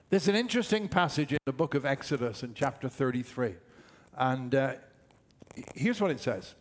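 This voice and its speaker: An older man preaching a sermon, emphatic and repeating his key phrases. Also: medium pitch. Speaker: pastor.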